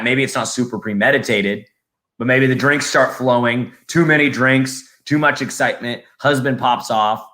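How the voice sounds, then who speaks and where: A man's voice: fairly low pitch, moderate pace, pushed and bright. A man on a live podcast over a video call, rambling and often restarting his sentences. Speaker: podcast guest. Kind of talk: casual live podcast chat.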